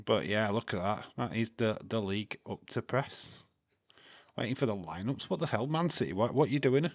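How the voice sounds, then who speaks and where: A man's voice: fairly low pitch, expressive, moderate pace, dry recording. A man hosting a casual live watch-along stream, chatting, reading out scores and lineups, swearing freely and laughing often.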